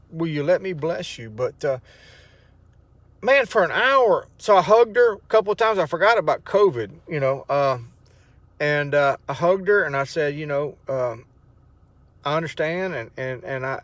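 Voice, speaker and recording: A man's voice: on the high side, no echo. Emotional man telling a story. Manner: rambling, emotional storytelling with many restarts. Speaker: vlogger sharing a testimony. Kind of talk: casual spoken testimony.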